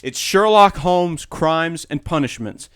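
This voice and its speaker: Jokey American gameplay commentator, crisp and dry. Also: male voice, fairly high pitch, lively intonation, takes it slowly, a bit bright, no room sound. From United States. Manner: irreverent, jokey asides. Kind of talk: joking let's-play commentary.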